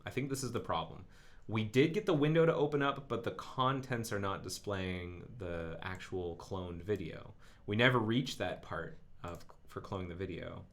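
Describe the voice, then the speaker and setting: On a live coding stream, a man with a low, slightly bright voice talks at a moderate pace with few pauses. He thinks aloud and narrates his own work through the code, musing with plenty of ums.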